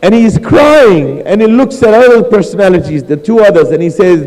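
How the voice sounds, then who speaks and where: A man's voice: sits high, animated, normal speed, hardly any pauses, a little mellow, in a large hall, low-quality recording. A man preaching a sermon, retelling a mourning narrative and quoting its figures in his own voice. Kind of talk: sermon storytelling. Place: mosque hall.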